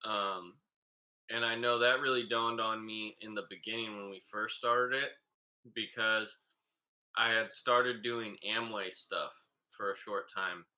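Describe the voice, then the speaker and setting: A man co-hosting a casual podcast, talking in a loose, relaxed way with many filler pauses. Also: lowish voice. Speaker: podcast co-host.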